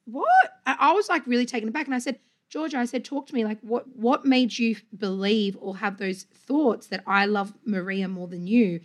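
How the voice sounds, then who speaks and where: A woman's voice: fairly high pitch, a little fast. A woman hosting a podcast, a mother chatting casually and acting out what her kids said. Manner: animated storyteller, acts out quotes. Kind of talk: casual chat.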